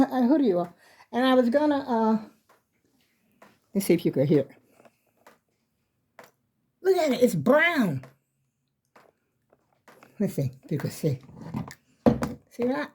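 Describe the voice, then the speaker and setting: Speaking in a high, darkish voice, an older woman rambles through a casual phone vlog from a small room in her home, repeatedly addressing her viewers directly as "y'all."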